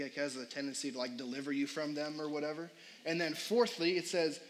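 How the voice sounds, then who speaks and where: A man's voice: fairly high pitch, slight background noise, low-quality recording. A young adult man preaching a sermon as pastor in a casual, conversational way, full of fillers and questions put to the congregation.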